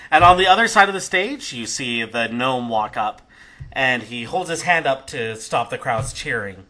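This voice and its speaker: Man narrating as game master, bright voice. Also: medium pitch, normal speed, rough recording. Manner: relaxed, conversational narration.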